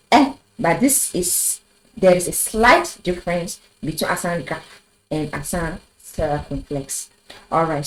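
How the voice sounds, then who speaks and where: Female language teacher, slow and measured, low-ish voice, quizzes viewers with rhetorical questions. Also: a little mellow, low-quality recording. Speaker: French teacher. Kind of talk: video language lesson. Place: in front of a board.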